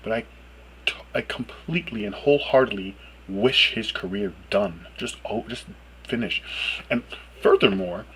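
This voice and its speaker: A man ranting alone to camera as a video blogger, emphatic and swearing freely, his voice jumping up high when he gets exasperated. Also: normal speed, a bit bright, slight background noise, rough recording. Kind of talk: profane ranting monologue.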